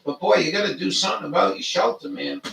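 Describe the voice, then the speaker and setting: Older guy rambling and cussing, gravelly and bright, echoey room, sounds far off mic. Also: a little high, fast, a little hiss or hum. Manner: profane, meandering storytelling. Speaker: vlogger. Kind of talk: rambling monologue.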